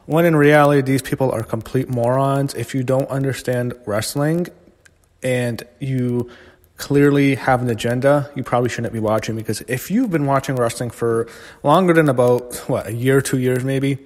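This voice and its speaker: Man, blunt and profane, casual rant, mid-pitched voice, long reverb tail. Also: steady tone, moderate pace, a little mellow. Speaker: wrestling show reviewer. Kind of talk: casual opinionated recap monologue.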